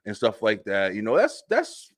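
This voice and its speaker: Here a young man fronts a web show at an ordinary speed, and there's no echo on the recording. His storytelling is loose, funny, and profane, full of laughter, with his voice climbing high in excited moments.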